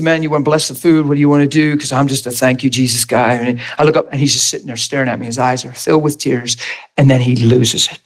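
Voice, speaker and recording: A man preaches a sermon as an animated storyteller, laughing often. When he acts out quotes, his voice swings up high.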